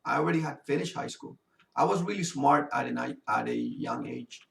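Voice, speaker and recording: A man's voice: medium pitch, moderate pace, vocal fry, a bit bright. A man casually telling a personal story while playing a game, rambling with lots of fillers. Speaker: gamer and video host. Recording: roomy sound from a distant mic.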